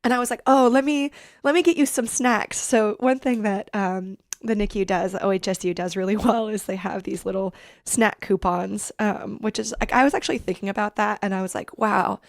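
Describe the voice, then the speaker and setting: A woman's voice: medium pitch, steady tone, a little fast, gravelly, dry recording, clean studio sound. A woman in her thirties, a podcast guest, telling an emotional personal story over a video call, rambling with many fillers and restarts.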